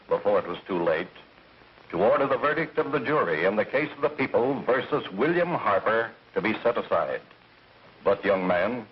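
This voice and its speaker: An actor playing a stern judge who delivers a ruling in a formal, measured way, in 1930s film acting, recorded as dull and hissy 1930s film sound. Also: male voice, lowish voice, husky.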